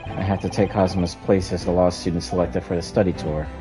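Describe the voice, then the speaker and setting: Game read-through, man as jittery young law student, low voice, music behind. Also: flat delivery, fast talker, close to an everyday voice. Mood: nervous. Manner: hesitant, nervous. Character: nervous young Japanese male law student.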